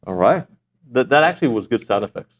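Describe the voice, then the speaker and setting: A man's voice: mid-range voice, very animated, muffled recording, noisy background. A man hosting a sports talk show, chatting casually and joking while he keeps the rundown moving. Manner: quick, joking, runs the show. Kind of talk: casual radio sports chat.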